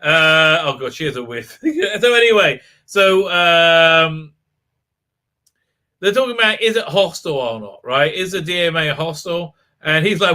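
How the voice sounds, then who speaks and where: A man's voice: a little high, expressive, measured pace, pushed and bright. A man hosting a live stream, recapping a show in a sarcastic, mocking way with frequent laughs.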